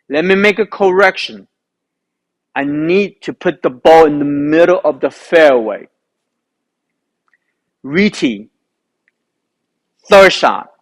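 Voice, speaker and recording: Slow, high-voiced man telling a golf story. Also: rough recording. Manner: animated, rhetorical questions, re-enacts his own thoughts. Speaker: golf instructor.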